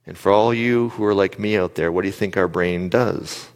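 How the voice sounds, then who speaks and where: Man, low pitch, live talk to a crowd, lively storytelling, reverberant hall. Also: normal speed. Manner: animated storytelling, direct questions to the audience. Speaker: speaker addressing an audience.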